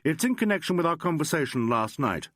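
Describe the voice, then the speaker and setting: A man voicing a calm, wry male detective who speaks crisply and courteously. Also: fairly high pitch, fast, no echo, studio quality, pitched above the performer's own voice.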